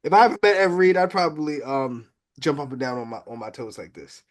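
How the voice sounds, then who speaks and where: Excitable man hosting a sports chat. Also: fairly high pitch, fast talker. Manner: lively, excitable, laughs often. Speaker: podcast host.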